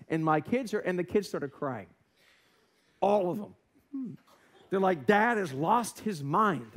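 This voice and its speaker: A male American pastor giving a sermon in a church, telling a self-deprecating story and acting out voices. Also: high-pitched. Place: church sanctuary.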